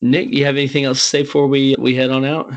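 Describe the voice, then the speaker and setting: A man from Alabama hosting a podcast, with a gentle Southern accent. He speaks in a slow drawl and stretches his words. His tone is easygoing and conversational, at a mid pitch. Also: little pitch movement, dull audio. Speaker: podcast host. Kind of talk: casual interview chat.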